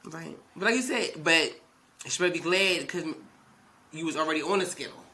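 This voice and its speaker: A man's voice: a little high, expressive, normal speed, sharp tone, a little hiss or hum. A man co-hosting a podcast in casual chat, often agreeing and adding to the story. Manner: reacts with frequent agreeing murmurs. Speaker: podcast co-host.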